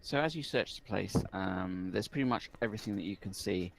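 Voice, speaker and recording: A man narrating as the game master of a tabletop game, relaxed and full of ums. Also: lowish voice, brisk, gravelly, slight background noise.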